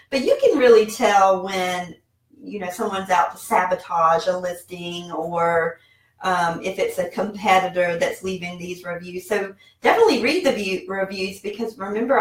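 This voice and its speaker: A woman's voice: mid-range voice, recorded from a distance. A woman in her forties chatting casually in a vlog from her home office, rambling with many fillers. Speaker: online seller and vlogger. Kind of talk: casual talking-head vlog. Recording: roomy echo, mic set back.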